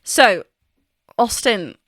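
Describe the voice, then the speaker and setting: A woman's voice: fairly high pitch, sing-song, very slow, a bit bright, slight background noise. A woman vocal coach chatting enthusiastically as she reacts to a song and explains singing technique. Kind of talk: casual reaction and vocal analysis.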